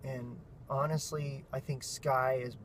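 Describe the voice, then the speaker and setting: A man's voice: medium pitch, steady tone, takes it slowly, fairly bright tone. A man in his thirties with a nasal voice, talking in a casual vlog. He rambles earnestly, mixes in self-mocking jokes and sounds sleep-deprived. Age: 30s. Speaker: vlog host and father. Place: outdoors while walking between offices. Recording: noisy street and traffic sound.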